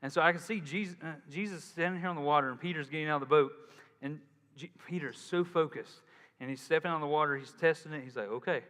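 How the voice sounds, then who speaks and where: A male pastor with a somewhat high, slightly bright voice talks fast as he preaches conversationally. He acts out the voices he quotes, and the large hall adds long reverb.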